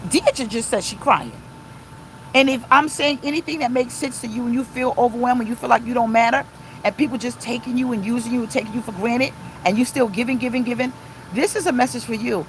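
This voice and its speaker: A woman's voice: on the high side, a little fast, slight background noise, low-quality recording. Impassioned middle-aged woman pastor preaching. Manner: impassioned, emphatic, repetitive preaching. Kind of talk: live-streamed sermon reading viewer comments. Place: inside a car.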